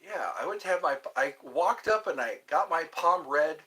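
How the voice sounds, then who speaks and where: Viewer comments drive this casual home livestream, where a male host answers questions in a rambling manner. He has a slightly high, animated voice, a moderate pace, and a sharp tone.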